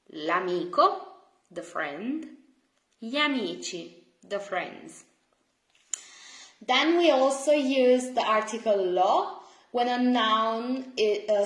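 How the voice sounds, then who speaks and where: A woman's voice: mid-range voice, reverberant, poor audio. A woman with an Italian accent teaching a beginner language lesson, patiently repeating words to drill pronunciation.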